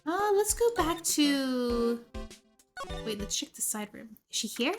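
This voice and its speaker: A woman's voice: sits high, big pitch swings, unhurried, music in the background. A woman streaming a game, chatting and giggling with her viewers. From United States. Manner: chatty and giggly, talking to chat. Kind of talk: casual game stream chat.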